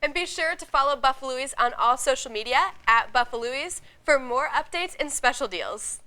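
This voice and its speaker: High, cheerful young woman host. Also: lively intonation, normal speed, sharp tone. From Indiana. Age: young adult. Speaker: student TV host. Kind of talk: scripted show hosting.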